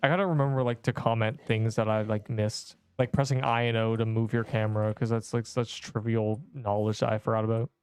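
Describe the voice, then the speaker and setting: A man's voice: lowish voice, little pitch movement, a little fast, hardly any pauses, smooth, no echo. A man rambling casually through gameplay commentary on a livestream, slangy and loose, tossing in "bro" and casual swearing. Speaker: streamer.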